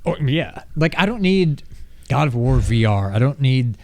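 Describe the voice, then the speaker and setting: A man's voice: medium pitch, sing-song, measured pace, darkish tone, dry recording. A man in his thirties co-hosting a gaming podcast, chatting casually and acting out moments with laughs. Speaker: podcast co-host. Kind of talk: casual chat.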